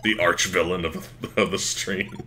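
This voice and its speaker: A man streaming a game live, chatting excitably and swearing when worked up. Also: low voice, normal speed, slight background noise. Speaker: let's play streamer. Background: faint game music.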